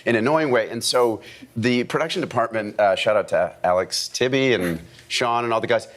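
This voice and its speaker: A man in his thirties, a guest actor and director, chatting on a morning talk show in a jokey, animated way. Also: medium pitch, moderate pace. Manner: animated, jokey, acts out quoted voices. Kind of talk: casual talk-show interview.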